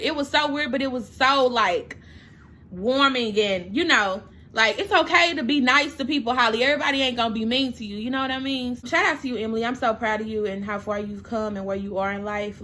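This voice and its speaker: A woman's voice: on the high side, sharp tone. A young woman, chatting casually through a storytime while doing her makeup, emotional and at times close to tears. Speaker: makeup vlogger.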